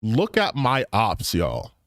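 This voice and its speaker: A man's voice: lowish voice, huge pitch swings, slow, no room sound, clean studio sound. A young man, streaming and mocking online posts in profane, casual commentary.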